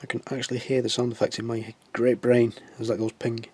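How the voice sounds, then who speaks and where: A man's voice: medium pitch, flat delivery, fairly quick, a little mellow, husky. A man with a stuffy nose, chatting in a casual, self-mocking way as he works on a scale model. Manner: chatty, self-mocking, talks to himself while working. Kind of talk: casual hobby tutorial chat.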